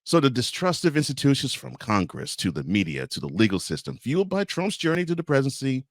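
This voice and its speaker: A man's voice: medium pitch, wildly swooping pitch, fast talker, dry recording, studio quality. A man co-hosting a podcast, reading political news aloud and breaking off for sarcastic asides in casual chat. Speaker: podcast co-host.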